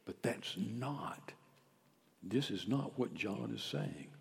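A male pastor preaching a sermon, swinging from quiet, close talk to loud shouted calls. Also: on the low side, lively intonation, slow, gravelly. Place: church sanctuary. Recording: church hall with long reverb.

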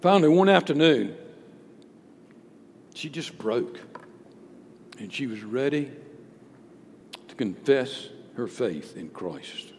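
A male pastor preaching a sermon, emphatic, swinging between loud declarations and hushed storytelling. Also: medium pitch, expressive, takes it slowly, pauses often. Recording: long hall reverb with faint background noise.

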